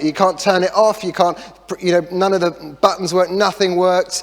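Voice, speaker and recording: A middle-aged man preaching a sermon as a pastor, telling a story in a chatty way with self-deprecating jokes and lively asides. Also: high voice, brisk. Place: church hall. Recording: long reverb of a church hall.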